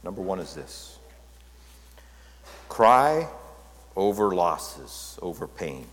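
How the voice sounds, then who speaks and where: Low-voiced male pastor in a reverberant hall. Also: big pitch swings, slow, fairly bright tone. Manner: conversational, checks in with listeners. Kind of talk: sermon.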